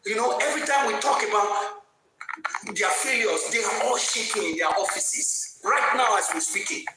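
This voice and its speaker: A woman's voice: a little high, lively intonation, moderate pace. A middle-aged woman giving a fiery commentary and repeating her points for force. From Lagos, Nigeria. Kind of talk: opinionated commentary monologue. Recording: very echoey room with faint music.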